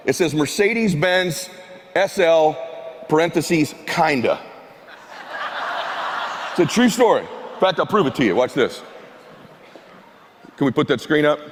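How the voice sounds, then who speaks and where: A middle-aged man giving a keynote on stage, telling a self-mocking story that swings from hushed asides to shouting. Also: a little high. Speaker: motivational speaker. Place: large event hall stage. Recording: long hall reverb from a live stage.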